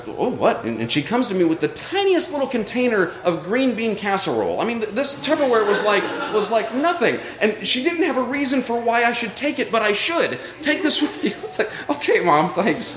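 A man's voice: high-pitched, a bit bright. Earnest male storyteller in a roomy venue. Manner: earnest and reflective. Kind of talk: live personal storytelling. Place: live show at a brewery. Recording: roomy live venue sound.

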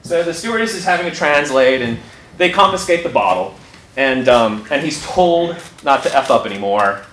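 A man telling a funny story live on stage, animated, breaking into laughter and restarting sentences. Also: mid-range voice, normal speed. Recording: echoey room with background noise.

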